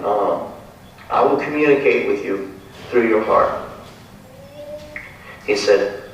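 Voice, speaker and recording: A man's voice: lowish voice, a little hiss or hum. A man telling stories from memory as a devotee speaker, acting out the quoted lines and chuckling now and then. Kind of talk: reminiscing talk. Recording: echoey room, distant mic.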